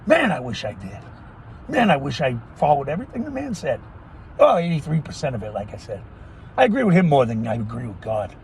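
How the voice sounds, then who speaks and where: A middle-aged man ranting in a profane, erratic monologue, often yelling and cursing. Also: mid-range voice, huge pitch swings, brisk, gravelly, a little hiss or hum. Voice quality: yelling, foul-mouthed, erratic. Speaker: vlogger.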